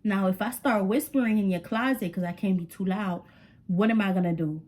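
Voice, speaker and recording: A woman's voice: mid-range voice, brisk, darkish tone. A young woman telling a dramatic story to her viewers in a chatty, slangy way. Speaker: storytime vlogger. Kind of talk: casual storytelling to camera.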